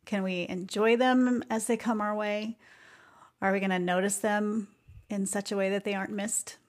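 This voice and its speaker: A woman's voice: mid-range voice, steady tone, moderate pace. Earnest woman musing on a podcast. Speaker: podcast host. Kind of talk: reflective music podcast talk.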